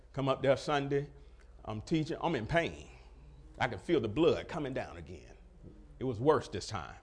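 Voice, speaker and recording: Animated preacher telling a story. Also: male voice, mid-range voice, measured pace, long pauses, husky. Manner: animated storytelling, acting out dialogue, laughing. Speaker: pastor. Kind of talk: sermon testimony.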